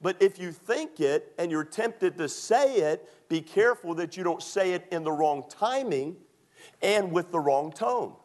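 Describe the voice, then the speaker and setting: A man's voice: sits high, expressive, measured pace. A man preaching a sermon in a folksy, conversational way, with many fillers, quoting scripture and asking the congregation to answer. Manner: quotes scripture and asks the congregation to respond. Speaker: pastor.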